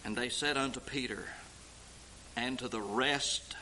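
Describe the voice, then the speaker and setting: A man preaching a sermon, slow and emphatic, swelling into intoned passages at his high points. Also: pushed and bright, a little hiss or hum, rough recording.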